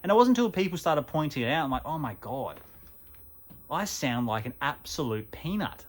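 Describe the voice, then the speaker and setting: A man's voice: a little high, expressive, moderate pace. An Australian man with a chatty, self-mocking manner, talking casually to camera as host of a gaming channel.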